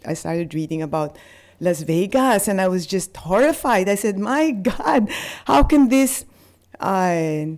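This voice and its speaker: Low-voiced woman giving a halting speech. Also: a little mellow. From Philippines. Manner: halting, with restarts and fillers, laughing through emotion. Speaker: award recipient giving acceptance speech. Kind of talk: emotional acceptance speech.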